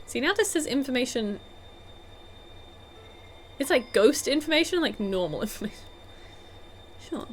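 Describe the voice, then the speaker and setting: A woman's voice: sits high, lively intonation, moderate pace, long pauses, slight background noise. A young woman streaming a game and chatting casually and giggly with her viewers. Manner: chatty, giggly, talks to chat. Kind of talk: casual gaming stream chat.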